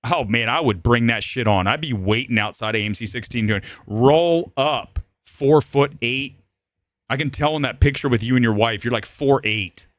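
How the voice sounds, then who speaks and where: A man's voice: mid-range voice, fairly bright tone, dry recording, clean studio sound. A man in his forties hosting a live movie stream, ranting in a combative, sarcastic way and swearing freely. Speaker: livestream host. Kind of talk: profane live-stream rant.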